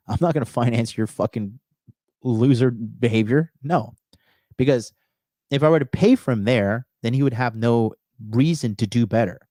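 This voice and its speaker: A man livestreams as a dating coach, delivering profane, emphatic advice in a monologue while reading chat and repeating lines for punch. His medium-pitched voice is warm, and the sound is clean studio quality with no echo.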